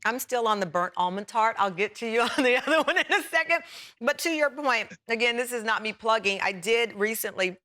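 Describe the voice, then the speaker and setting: Bright woman hosting a talk show, eager and chatty, kinda high voice. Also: expressive, brisk. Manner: chatty and enthusiastic, laughs while tasting food. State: talking with mouth full at times. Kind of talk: daytime talk show interview.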